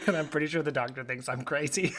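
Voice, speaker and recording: A man's voice: fairly high pitch, steady tone, fast, fairly bright tone. Man, thirties, podcast co-host, joking, teasing, casual chat. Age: 30s. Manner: joking, teasing, chuckles often. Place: home studio blanket fort.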